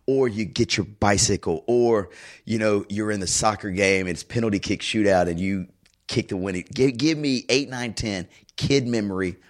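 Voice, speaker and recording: A man's voice: fairly low pitch, normal speed. A middle-aged man co-hosting a casual podcast chat, telling childhood stories with plenty of fillers. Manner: animated storyteller, lots of fillers. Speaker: podcast co-host.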